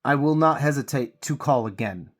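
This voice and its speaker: A man's voice: medium pitch, lively intonation, moderate pace. A man with a cold, venting heatedly and profanely while he paints miniatures on his channel. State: congested with a cold.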